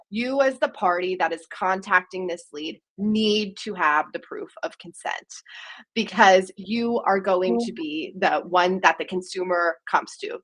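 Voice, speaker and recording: A woman's voice: fairly low pitch, fairly bright tone, poor audio. Woman moderating a business webinar. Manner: fluent, organized, with occasional ums. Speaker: sales director hosting a webinar. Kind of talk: webinar presentation and Q&A.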